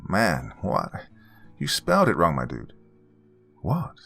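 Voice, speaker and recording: A man's voice: low-pitched, huge pitch swings, slow pace, creaky, a bit bright, faint music behind, exaggerated voice. A man voicing a laid-back young male stoner buddy who talks in a casual, slangy drawl.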